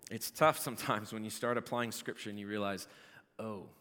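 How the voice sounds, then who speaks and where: A pastor preaching a sermon, with lively delivery that rises to shouting when he jokes. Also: fairly low pitch, fairly quick. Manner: animated, builds to shouting in jokes. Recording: long hall reverb.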